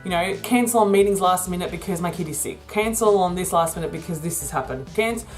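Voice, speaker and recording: A woman's voice: lowish voice, fairly quick, soft background music. A woman talking through a rambling, casual vlog about her business, laughing often. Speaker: vlogger and virtual assistant business owner.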